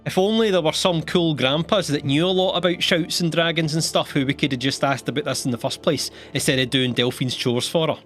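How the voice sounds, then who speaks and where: A young man narrating a comedic video game summary, sarcastic and animated, swearing casually and laughing between lines. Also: on the high side, brisk, hardly any pauses, a little hiss or hum.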